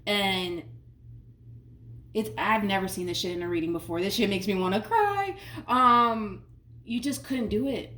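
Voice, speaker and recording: Woman tarot reader, casual, slangy, emphatic repeats; mid pitch, distant mic. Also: fairly bright tone. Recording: roomy sound from a distant mic, faint noise.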